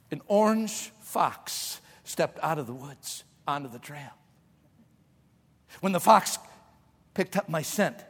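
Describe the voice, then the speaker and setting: A man preaching a sermon in a large church hall, telling folksy stories that swing from soft asides to shouted emphasis. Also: high voice. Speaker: pastor.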